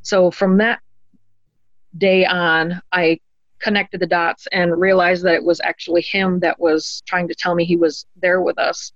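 Guest storyteller: woman, middle pitch, earnest and halting, dry and slightly muffled audio. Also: level tone, no room sound. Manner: earnest, halting, many ums and restarts. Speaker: guest telling a personal story. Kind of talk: conversational storytelling.

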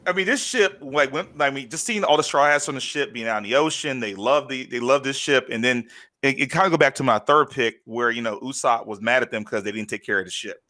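Man, bright voice, animated, casual podcast chat, acts out quotes. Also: mid-range voice, a little fast. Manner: animated, retells scenes with acted quotes. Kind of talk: casual chat recapping an anime.

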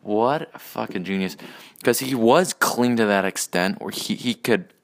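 A man's voice: lowish voice, measured pace, creaky. Profane rambling man ranting solo. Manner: profane, rambling, sarcastic, with restarts and asides. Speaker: podcast host.

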